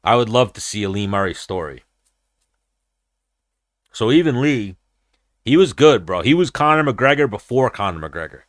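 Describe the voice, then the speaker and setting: A man's voice: on the low side, animated, moderate pace, long pauses, a bit bright, no echo, clean studio sound. A man hosting a combat-sports podcast, talking in a blunt, profane, rambling way. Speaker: podcast host. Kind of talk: casual combat-sports chat.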